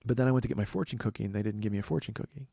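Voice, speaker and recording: A man's voice: fairly low pitch, rapid-fire, vocal fry, warm tone, husky, no echo. A man in his forties hosting a podcast, telling stories in a rambling comedic monologue. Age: 40s. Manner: rambling storytelling with restarts. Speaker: podcast host.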